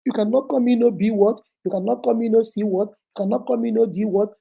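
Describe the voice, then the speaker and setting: Nigerian lady preaching life advice, low mellow voice, kinda husky, keeps repeating herself for emphasis. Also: steady tone, fast. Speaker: motivational speaker and host. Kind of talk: motivational advice talk.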